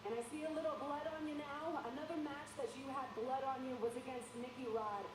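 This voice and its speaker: A woman's voice: high-pitched, steady tone, brisk. A woman interviewing a fighter on a live event broadcast, asking direct questions. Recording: broadcast with crowd noise behind.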